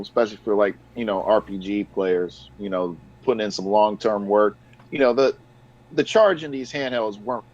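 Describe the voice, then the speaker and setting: A man co-hosting a gaming podcast, upbeat and laid back, saying "you know" often. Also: lowish voice. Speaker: podcast co-host. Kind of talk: casual gaming podcast chat. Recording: dull lo-fi sound.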